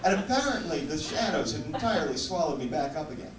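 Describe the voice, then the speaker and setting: A man performing stand-up storytelling on a theater stage, wry and measured. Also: on the high side, very animated. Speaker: stand-up comedian. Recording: echoey live theater from far off, loud noise.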